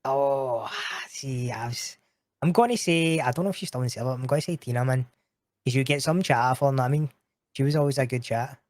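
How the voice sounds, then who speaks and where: A man's voice: mid-range voice, a little fast, darkish tone, no echo. Scottish man telling stories and laughing. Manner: swears a lot, laughs through stories. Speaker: podcast guest. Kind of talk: casual chat.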